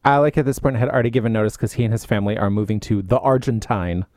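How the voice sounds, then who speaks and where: A man's voice: fairly low pitch, racing, no echo, studio quality. A man chatting casually about a film, recounting the plot and mimicking the characters as he goes. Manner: expressive storyteller, mimics characters, laughs often.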